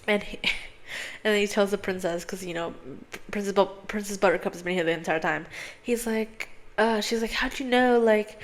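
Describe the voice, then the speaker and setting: A woman's voice: medium pitch, moderate pace. A young woman hosting a podcast, casually retelling a film's plot in a rambling way, full of "like" and swearing and acting out the characters. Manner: rambling, heavy on "like", frequent swearing; animated storyteller who acts out characters' lines. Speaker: podcast host.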